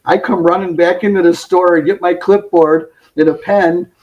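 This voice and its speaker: Animated man telling stories. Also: sits high, normal speed, lo-fi sound. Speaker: podcast guest. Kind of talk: casual storytelling. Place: home closet.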